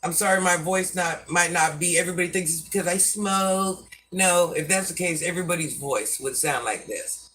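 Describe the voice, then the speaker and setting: A deep-voiced woman of about sixty hosts a live stream, handing out homespun life advice, calling viewers "baby" and "hun" and referring to herself as Granny. She talks at a normal speed with barely any pauses, her tone slightly bright, and she was recorded from a distance.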